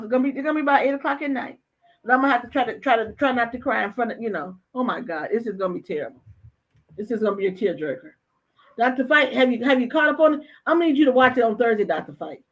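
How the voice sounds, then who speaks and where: A woman's voice: on the high side, rapid-fire. Emphatic woman host, dull lo-fi sound. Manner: emphatic, repeats phrases. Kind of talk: casual chat.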